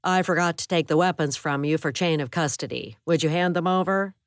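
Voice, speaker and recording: A woman's voice: low-pitched, brisk, no echo, studio quality, lightly acted. A woman voicing a young male police officer in an audiobook, polite and businesslike.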